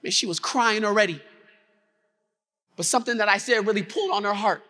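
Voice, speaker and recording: Bright-voiced male keynote speaker in an echoing hall. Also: high-pitched, a little fast. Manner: dramatic, with call-and-response to the audience. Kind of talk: motivational keynote storytelling. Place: large conference hall. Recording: reverberant conference hall.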